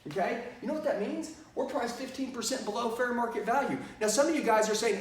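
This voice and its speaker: Man, sales trainer, pumped-up and emphatic, high-pitched, roomy echo. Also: brisk, few pauses, distant mic. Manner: pumped-up, emphatic coaching with repeated rhetorical questions. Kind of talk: energetic sales training talk to camera.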